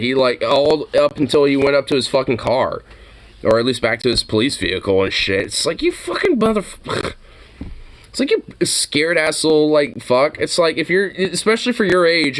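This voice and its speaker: Animated swearing man ranting. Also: a little high, moderate pace. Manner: animated, mocking, laughs often. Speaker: reaction commentator. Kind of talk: casual profane rant.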